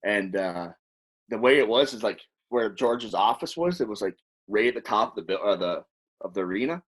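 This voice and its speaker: A man's voice: on the low side, moderate pace. A man, a former hockey player, telling long rambling stories on a podcast in a casual, profane way. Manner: rambling, profane, animated storyteller. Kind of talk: casual storytelling.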